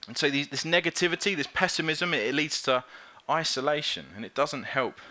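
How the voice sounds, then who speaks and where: A man with a voice on the high side, talking a little fast, preaches a lively, informal sermon in a conversational way. Along the way he acts out small quoted voices.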